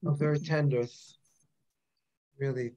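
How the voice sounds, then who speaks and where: A man's voice: on the high side, fairly even intonation, measured pace, warm tone, lo-fi sound. A man hosting a poetry evening over a video call, speaking hesitantly with friendly restarts. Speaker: poetry event host.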